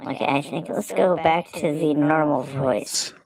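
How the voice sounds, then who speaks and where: A streamer doing a put-on voice of a deadpan man who insists his odd voice is normal. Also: a little high, measured pace, vocal fry, a crowd in the background, pitched above the performer's own voice, poor audio. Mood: insistent deadpan.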